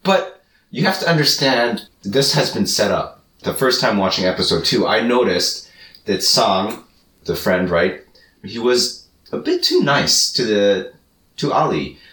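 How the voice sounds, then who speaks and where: Casual podcast co-host: a man with a very low voice, unhurried, quick to laugh, picked up from across a roomy space. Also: lively intonation, fairly bright tone. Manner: measured, deliberate, laughs often. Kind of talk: casual chat. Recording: roomy sound, mic at a distance.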